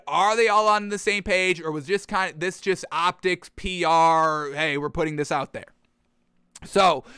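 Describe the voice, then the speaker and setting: A man talks through sports news on his own show in a loose, sarcastic, chatty way, often speaking straight to his listeners. His voice sits high and sounds bright and crisp. The recording is dry and close, with no room sound. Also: no echo. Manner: sarcastic, mocks officials with put-on quotes; conversational, addresses listeners as folks and y'all. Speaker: sports commentary host. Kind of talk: solo sports commentary.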